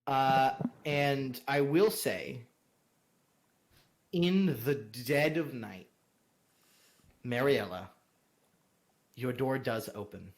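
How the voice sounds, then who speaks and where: A man narrating a tabletop role-playing game as game master, animated and often laughing. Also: mid-range voice, drawn-out words, long pauses.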